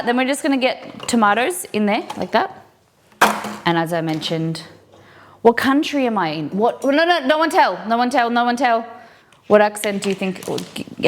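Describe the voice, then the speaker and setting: A woman's voice: mid-range voice, a little hiss or hum. An Australian woman streaming while she cooks, chatting casually and answering viewers' comments as she goes. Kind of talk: live-stream cooking chat.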